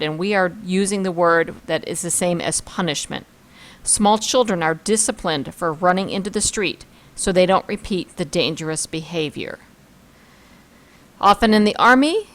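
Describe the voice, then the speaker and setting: Lady teacher going through a vocab list, reads example sentences, talks over pictures. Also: medium pitch. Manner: reads word lists and example sentences, then comments on pictures. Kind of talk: vocabulary lesson screencast.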